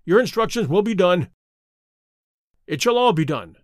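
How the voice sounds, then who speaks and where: Brief: a man playing a fierce elderly trainer, loud and blustering, lively delivery. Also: high-pitched, moderate pace, dry recording, clean studio sound. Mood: cowed. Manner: blustering, angry. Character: fierce, bullying elderly male horse trainer.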